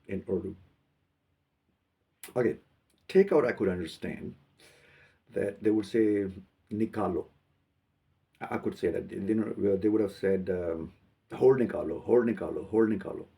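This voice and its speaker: Gravelly-voiced man. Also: deep voice, warm tone, recorded from a distance. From Pakistan. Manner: halting, repeats words while thinking. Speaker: aviation video commentator. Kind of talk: critical commentary on a video.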